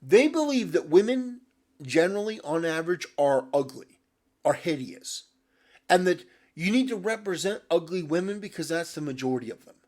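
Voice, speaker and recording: A male commentator with a slightly higher voice rants in a sarcastic, exasperated tone. He swears often and keeps restarting his sentences as he builds his argument. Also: animated, normal speed, darkish tone. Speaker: video commentator. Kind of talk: ranting commentary.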